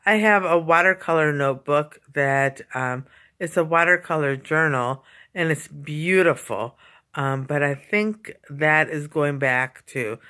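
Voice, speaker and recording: In a home basement, a vlogger rambles casually, repeating himself, leaning on fillers and yawning often. The voice is medium-pitched and unhurried, with a sharp, clean tone.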